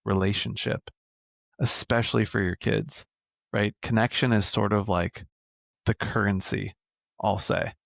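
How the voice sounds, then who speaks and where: Gravelly low-voiced man coaching casually. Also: steady tone, a little slow, a bit bright, no echo, clean studio sound. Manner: conversational, frequent "right?" tags; casual, occasional swearing. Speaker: men's coach. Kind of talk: casual podcast interview.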